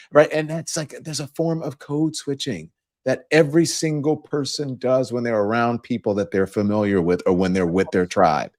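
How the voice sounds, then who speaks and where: A man hosting a live political talk show, animated and exasperated, often restarting his sentences. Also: mid-range voice, normal speed, no room sound, clean studio sound. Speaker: host.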